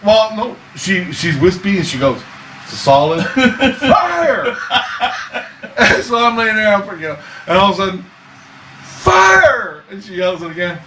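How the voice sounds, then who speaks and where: A man's voice: high-pitched, sing-song, moderate pace. Laughing, swearing man telling a story. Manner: swearing, laughing storyteller who acts out voices. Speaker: interviewee. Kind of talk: casual storytelling interview. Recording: echoey room, far from mic, noisy.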